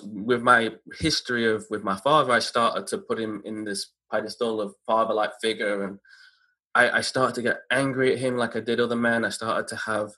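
A young adult man sharing a personal story, halting and emotional, with many restarts. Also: mid-range voice, pushed and bright. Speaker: speaker sharing his story. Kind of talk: personal testimony.

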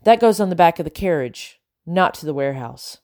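A woman's voice: fairly low pitch, animated, brisk, dark tone, lightly acted. A woman voicing a haughty, wealthy lady who gives orders in a clipped, indignant tone in an audiobook. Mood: imperious.

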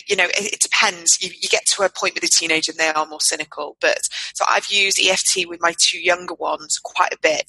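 Woman, podcast guest, low-pitched, earnest, lots of fillers and restarts. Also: pushed and bright, poor audio. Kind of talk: casual podcast conversation. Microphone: podcast microphone.

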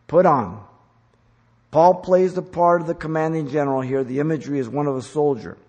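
A man preaching a sermon, teaching in an emphatic style that rises to loud commands. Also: medium pitch. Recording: long hall reverb.

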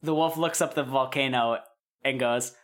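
A woman's voice: a bass voice, normal speed. A woman running a tabletop game as game master, rambling with fillers. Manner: rambling, full of fillers and laughs.

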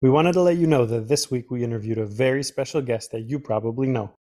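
A man hosting a podcast with his child, reading a picture book aloud in an animated, playful way. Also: medium pitch, quick pace, no echo, studio quality. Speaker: father and podcast host.

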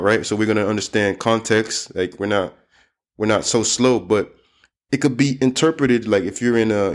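A man teaching English in a loose, chatty way, slowing down to model how word endings sound. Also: lowish voice. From United States. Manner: loose and chatty, lots of "you know" and "like". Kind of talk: casual spoken lesson.

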